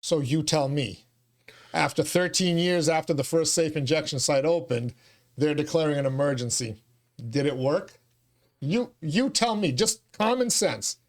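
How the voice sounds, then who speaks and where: Slightly high-voiced man hosting a talk show. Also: moderate pace. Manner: argues from common sense, cites figures, asks questions. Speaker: show host. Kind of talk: casual talk show conversation.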